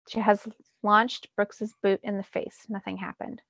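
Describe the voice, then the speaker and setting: Woman teacher reading a novel to her class, gravelly, dry close mic. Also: medium pitch, unhurried, no room sound, muffled recording. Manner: first-person narration with lively emphasis.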